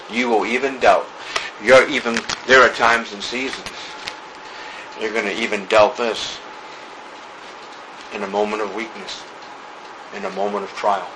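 A man's voice: lowish voice, flat delivery, noisy background. A male pastor preaching a sermon in church during a service, emphatic and repetitive, stretching out key words. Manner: emphatic preaching with repeated phrases and drawn-out words.

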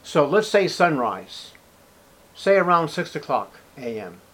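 A man preaching a sermon with dramatic storytelling, loud emphatic bursts and sarcastic rhetorical questions. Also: on the high side, sing-song, a little slow. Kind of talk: expository sermon.

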